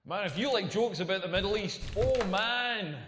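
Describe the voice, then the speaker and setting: A brash Scottish comic in his forties, working through a bawdy stand-up set. His voice sits high for a man and rings out in a roomy hall with a long tail of reverb. A faint hiss sits under the recording. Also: normal speed, fairly bright tone. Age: 40s. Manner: brash, rambling, punchline-driven banter. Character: crude, self-mocking middle-aged male stand-up comic. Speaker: stand-up comedian. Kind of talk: stand-up comedy routine. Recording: echoey hall with faint noise.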